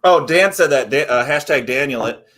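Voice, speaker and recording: A man's voice: mid-range voice, animated, normal speed, fairly bright tone. A man co-hosting a podcast in casual chat, rambling and slangy, acting out little scenes. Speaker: podcast co-host.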